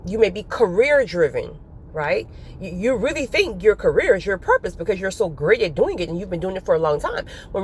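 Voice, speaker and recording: A woman giving a casual spiritual talk to her viewers, animated and often breaking into laughter. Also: medium pitch, slight background noise. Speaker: faith vlogger.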